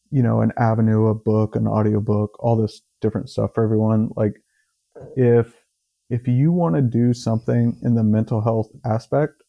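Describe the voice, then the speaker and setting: A man with a gravelly, mellow voice talks in a flat monotone on a podcast. He stops and restarts often, leaning on "uh" and "um" between thoughts. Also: medium pitch, highs cut off. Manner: monotone, halting, many "uh" and restarts. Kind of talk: casual chat.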